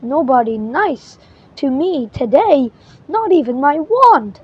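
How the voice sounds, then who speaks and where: Excitable bossy storybook witch, a woman putting on a squeaky voice, muffled lo-fi audio. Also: takes it slowly. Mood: sulky. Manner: high, exclamatory, bossy and sulky in turns. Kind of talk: storybook read-aloud voice. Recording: muffled lo-fi recording.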